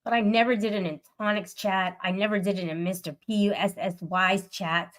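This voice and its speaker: A woman's voice: mid-range voice, steady tone, moderate pace. A woman livestreamer venting to her live chat, upset and swearing in an aggrieved rant. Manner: aggrieved, profane ranting.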